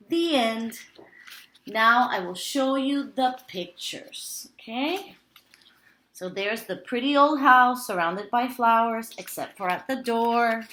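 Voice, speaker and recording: A woman teacher reading a picture book aloud to young children, with expressive storytelling. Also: fairly high pitch. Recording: roomy echo.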